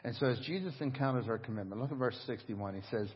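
A middle-aged man preaching a sermon as pastor, telling stories in an animated, conversational way. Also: mid-range voice, fast, slightly rough. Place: church service. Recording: dull echoing church hall audio.

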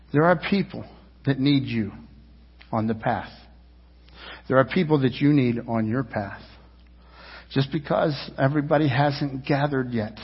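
Man, 50s, pastor: rambling storytelling sermon, loud and quiet in turns, husky voice, long church reverb. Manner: rambling, storytelling with restarts and asides; swings between loud emphasis and low, quiet lines. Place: church sanctuary. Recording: dull sound with long reverb, as in a church hall.

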